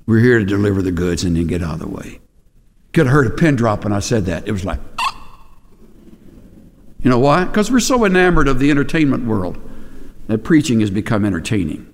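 Preaching man in an echoing hall. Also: medium pitch. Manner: storytelling preacher, punchy repeated phrases, rising to shouts. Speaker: pastor. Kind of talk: sermon. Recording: long hall reverb.

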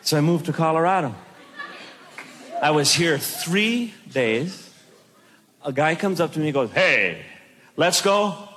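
A male comedian with a high voice, doing stand-up before a live crowd. He tells his stories with big swings in pitch. The recording has a steady layer of noise under it. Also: measured pace, pauses often. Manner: animated storytelling, mimics others with shouted high voices. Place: stage before a live audience.

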